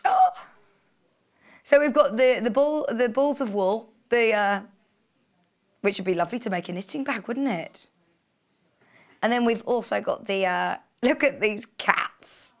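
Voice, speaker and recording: In a TV studio, a woman presents fabric on a live shopping channel, chatty and gushing, often gasping and laughing. Her voice is fairly high, and she speaks unhurriedly with long pauses.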